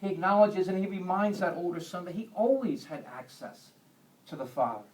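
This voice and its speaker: A man's voice: high voice, expressive, normal speed, a little mellow. A man teaching a Bible lesson to a church group in a conversational way, with homely humorous asides. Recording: echoey room, distant mic.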